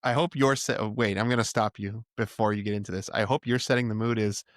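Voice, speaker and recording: A man in his thirties co-hosting a gaming podcast, chatting casually with animated, jokey storytelling. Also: lowish voice, quick pace, dry recording, clean studio sound. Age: 30s. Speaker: podcast co-host. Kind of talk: casual chat.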